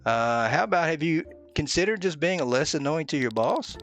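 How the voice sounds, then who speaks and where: A man casually commentating as he plays a game, joking bluntly and filling pauses with "uh". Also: fairly high pitch, animated, fairly bright tone, soft background music. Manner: joking, mock-blunt, with many "uh"s. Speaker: gaming video host. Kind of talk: casual let's-play commentary.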